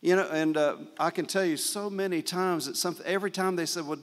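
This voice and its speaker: An older man with a slightly high voice tells stories in a folksy, animated way, dropping in praise and amens as he goes. His voice carries a long reverb from a large church sanctuary. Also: brisk. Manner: folksy, animated storyteller with frequent praise interjections. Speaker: guest speaker and guitarist at a church service. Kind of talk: storytelling testimony in a church service.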